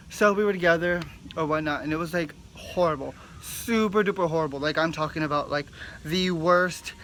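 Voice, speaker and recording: A young man with a high voice tells a personal story straight to the camera, rambling and heated, packing his sentences with "like". A faint hum of ambient noise sits under his voice. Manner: rambling, heated and animated, with frequent "like" fillers. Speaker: vlogger. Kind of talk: emotional storytime monologue.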